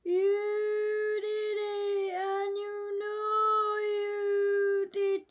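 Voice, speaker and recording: A woman voicing a menacing disembodied scary voice that threatens children, in slow, drawn-out sing-song tones. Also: very high-pitched, completely flat delivery, narrow, tinny audio, exaggerated voice.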